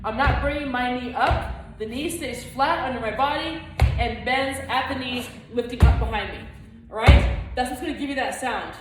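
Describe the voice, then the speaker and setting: A woman's voice: high-pitched, normal speed, background noise. A woman teaching a flamenco footwork lesson, explaining technique and counting beats aloud as she dances. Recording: echoey room, far from mic, loud music.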